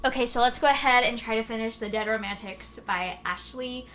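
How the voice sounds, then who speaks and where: A woman's voice: on the high side, fairly quick, fairly bright tone, slight background noise. A young woman chatting casually and emotionally in her reading vlog, with lots of fillers. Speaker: book vlogger.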